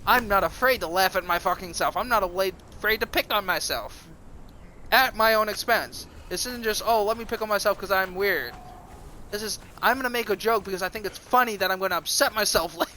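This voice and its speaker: High-voiced, profane streamer ranting. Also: male voice, fairly quick, sharp tone, a little hiss or hum. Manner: profane, defiant, self-mocking rant. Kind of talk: rambling livestream monologue.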